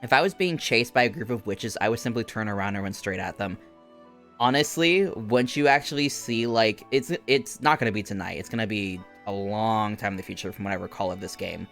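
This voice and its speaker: A man's voice: lowish voice, a little fast, a bit bright, faint music behind. A young man streaming a game, chatting casually and rambling with lots of fillers.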